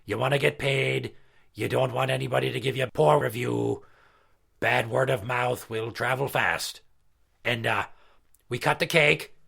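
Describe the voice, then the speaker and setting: Brownbeard, a man doing a gravelly crude pirate. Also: mid-range voice, sharp tone, heavily acted. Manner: crude, profane storytelling. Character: crude boastful male pirate party entertainer. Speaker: regular character. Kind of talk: comedy podcast skit.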